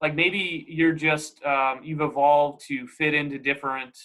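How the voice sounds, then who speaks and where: A man's voice: on the high side, fairly even intonation, measured pace, pushed and bright. A young man co-hosting a casual podcast chat, easygoing and upbeat. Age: young adult. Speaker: podcast co-host.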